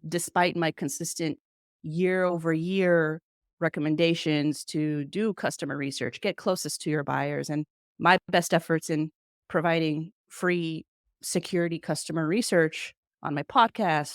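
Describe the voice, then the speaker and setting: A woman's voice: low voice, dry recording, clean studio sound. A woman, a marketing agency founder and podcast host, telling a candid, casually blunt story in a presentation to marketers.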